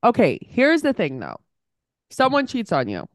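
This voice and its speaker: A woman co-hosting a podcast, giving quick, opinionated reactions in a casual chat about a reality show. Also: on the high side, huge pitch swings, dry recording, studio quality. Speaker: podcast co-host.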